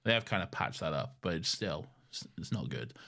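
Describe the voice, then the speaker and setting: Animated sweary man. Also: sits low, gravelly. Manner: animated, sweary, paraphrases scenes in quick mock voices. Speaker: podcast co-host. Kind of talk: casual chat.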